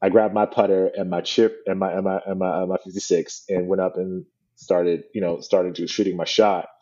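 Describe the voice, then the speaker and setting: A man with a low, mellow voice talks easily as an interview guest, circling back and restarting as he tells a story. The sound is a little dull and lo-fi. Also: normal speed. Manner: relaxed storytelling with many restarts. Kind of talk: casual interview chat.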